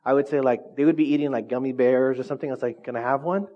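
A man's voice: mid-range voice, flat delivery, very fast. A male pastor preaching a sermon to his congregation in a casual, joking way, often asking them questions, in a dull, lo-fi recording. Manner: conversational, joking, constantly quizzes the congregation. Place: church, before a congregation.

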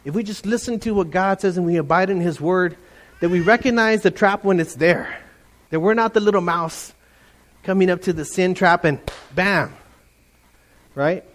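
A middle-aged man preaching a lively sermon to his congregation, animated and playful, often mimicking voices. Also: sits high, normal speed. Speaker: pastor.

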